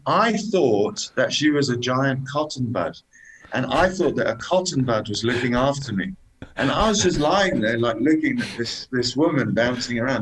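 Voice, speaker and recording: A man telling lively travel anecdotes as a guest, dropping "man" into his sentences. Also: mid-range voice, breathy edge, low-quality recording. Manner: animated anecdotes, says "man" often. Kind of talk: casual storytelling chat.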